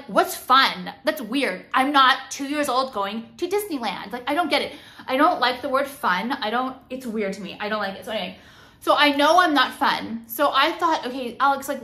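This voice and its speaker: A woman's voice: fairly high pitch, bright, forceful tone. A young woman vlogging to camera, ranting heatedly with lots of swearing and filler words. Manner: profane, heated ranting with frequent "like". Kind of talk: casual rant to camera.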